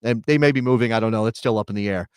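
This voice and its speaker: A man's voice: lowish voice, very fast, clear, resonant tone, no room sound. Man musing aloud, dry close sound. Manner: discursive, rhetorical questions. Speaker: soccer podcast co-host. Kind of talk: casual chat.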